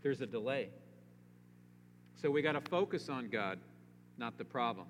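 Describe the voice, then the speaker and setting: A man's voice: medium pitch, animated, normal speed. A man preaching a sermon as pastor, emphatic, with his voice rising on pleading rhetorical questions. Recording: long reverb, faint hum.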